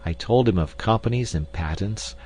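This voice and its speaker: A man narrating a classic novel in the first person, measured and dramatic. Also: fairly low pitch, expressive, a little mellow. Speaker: audiobook narrator.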